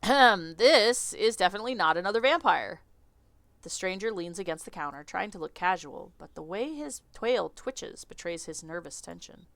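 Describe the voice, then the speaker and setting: A woman streamer reading a visual novel aloud in an animated, chatty way, often laughing. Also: lowish voice, normal speed, no echo.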